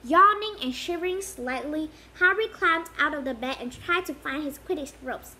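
A woman's voice: high voice, normal speed, hardly any pauses, bright, forceful tone, a little hiss or hum, rough recording. A woman reading a storybook aloud as an amateur audiobook, often stopping to restart a phrase. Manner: reads with frequent restarts.

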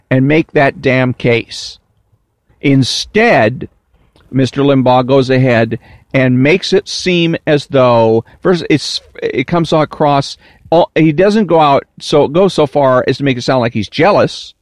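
A man's voice: medium pitch, no echo. Emphatic man, dry close sound. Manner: deliberate, emphatic, drawn-out stresses, mocking whiny impressions. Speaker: political commentator. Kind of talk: monologue commentary.

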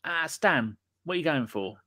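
A man's voice: fairly high pitch, expressive, moderate pace, pushed and bright. A man hosting a casual podcast and live chat. He talks in cheeky, sweary, jokey banter. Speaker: podcast host.

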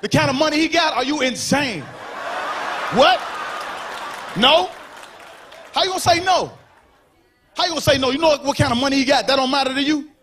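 A man with a notably high-pitched voice performs stand-up on a live stage, telling his stories loud and animated and shouting the punchlines. He acts out the characters in his bits as he goes. Audience laughter and a faint room noise sit under the handheld mic. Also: a little fast, pauses often. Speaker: stand-up comedian. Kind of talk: stand-up comedy set. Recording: live show with crowd noise.

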